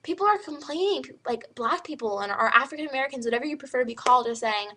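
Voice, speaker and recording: Bright, animated teenage girl ranting. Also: sits high, rapid-fire, few pauses, slight background noise. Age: teens. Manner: animated, emphatic, full of "like" fillers. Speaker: high school student vlogger. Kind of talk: ranting vlog to camera.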